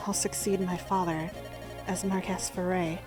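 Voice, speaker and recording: A woman's voice: lowish voice, little pitch movement, a little slow, over music, natural voice. A woman voicing an earnest young male noble lord as she reads game dialogue aloud, in close to her own voice.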